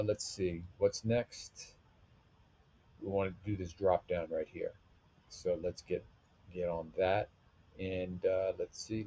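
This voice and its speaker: Low, husky man walking through a web build. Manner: relaxed thinking aloud while clicking through menus. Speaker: web designer teaching a tutorial. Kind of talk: screen-recorded software tutorial.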